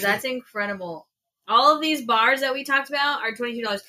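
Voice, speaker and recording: A woman's voice: high voice, moderate pace, pushed and bright. A woman co-hosting a podcast, chatting casually and swearing as she taste-tests food and reads out prices. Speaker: podcast co-host. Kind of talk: casual chat while taste-testing food. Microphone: podcast mic in a shared room.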